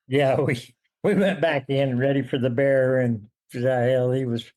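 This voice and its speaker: Slow, halting man telling a story. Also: mid-range voice, fairly even intonation, a little mellow. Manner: halting, with restarts. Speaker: guest elk hunter. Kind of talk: casual storytelling.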